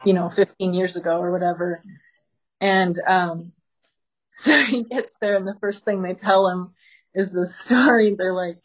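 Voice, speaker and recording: Animated woman telling stories with laughter. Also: mid-range voice, moderate pace, poor audio. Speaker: small-group teacher. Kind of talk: casual storytelling teaching.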